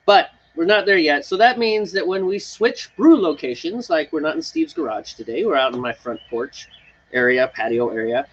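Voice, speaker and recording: A man's voice: a little high, moderate pace, muffled recording. A man co-hosting a homebrewing live stream outdoors on a porch, chatting casually and rambling with frequent laughs. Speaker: homebrew show co-host. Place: front porch patio, outdoors.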